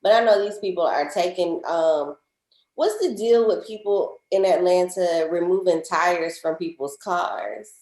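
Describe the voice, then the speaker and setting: Southern woman co-host, lowish voice, animated and laughing, roomy echo. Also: measured pace. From Georgia, US. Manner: chatty, laughs often, animated storytelling. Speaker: podcast co-host. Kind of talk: casual chat.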